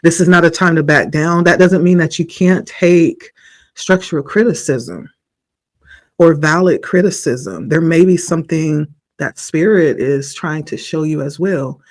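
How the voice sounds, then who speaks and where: A man with a somewhat high voice gives a spiritual tarot reading, his throat a little rough with morning hoarseness. He speaks very slowly, pausing often, with a reflective and encouraging manner. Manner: slow, reflective, encouraging delivery. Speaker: tarot reader.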